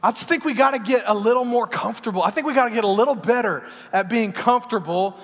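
Man preacher with a high voice, fiery yet chatty, long church-hall reverb. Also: fast talker, few pauses. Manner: energetic, swings between loud exhortation and quiet asides. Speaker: pastor. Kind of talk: sermon. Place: large church sanctuary.

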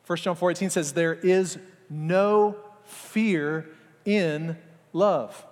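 Man, pastor, sermon, animated, acts out scenes, fairly high voice, reverberant hall. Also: extremely slow. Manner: animated, acts out little scenes, talks to the congregation.

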